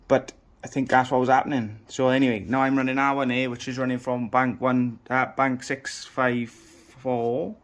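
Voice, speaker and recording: Laid-back man chatting in his garage. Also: mid-range voice. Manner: chatty, down-to-earth, casual swearing. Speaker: home mechanic vlogger. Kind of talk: casual workshop walkthrough. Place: home garage workshop.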